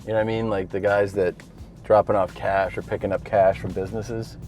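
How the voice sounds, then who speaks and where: A man's voice: fairly low pitch, level tone, brisk, a little mellow, faint music behind. A man, a touring comedian, casually telling profane, rambling stories from inside a car. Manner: laid-back, profane, rambling storyteller. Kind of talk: casual storytelling vlog.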